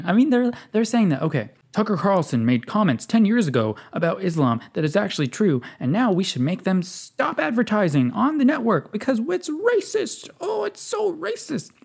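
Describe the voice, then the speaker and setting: A man's voice: on the high side, a little mellow. A man hosting a sarcastic reaction commentary, scoffing while reading text aloud. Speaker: commentary video host.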